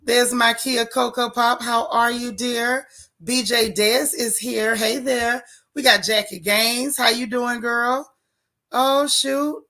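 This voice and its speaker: Slow, pushed, and bright, her fairly high voice holds a fairly even intonation. She's a live-stream gossip host, out of breath, casually greeting viewers by name and chatting in Southern-tinged African American vernacular, saying "child" and "y'all" a lot.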